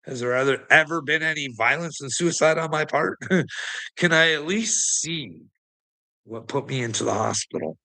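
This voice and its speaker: A man's voice: a little high, normal speed, gravelly, sharp tone. A man delivering a profane, taunting rant as an online commentator, mocking his listeners with laughs and repeating words for emphasis. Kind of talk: ranting monologue to camera.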